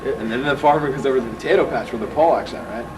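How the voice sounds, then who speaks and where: A man's voice: mid-range voice, very fast, distant mic, noisy background. A young man at an outdoor party rambling through a profane, drunken joke, restarting often. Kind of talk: drunken casual joke-telling.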